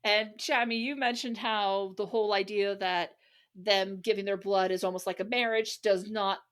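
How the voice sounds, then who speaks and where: A woman's voice: mid-range voice, steady tone, normal speed. A woman co-hosting a podcast in casual chat, talking emotionally with many "like"s. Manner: chatty, emotional, lots of "like". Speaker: podcast co-host.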